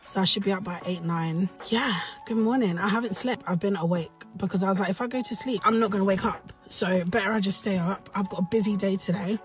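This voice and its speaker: Animated woman vlogging. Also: medium pitch. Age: young adult. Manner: animated storytelling, exclaims often. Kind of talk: casual vlog to camera.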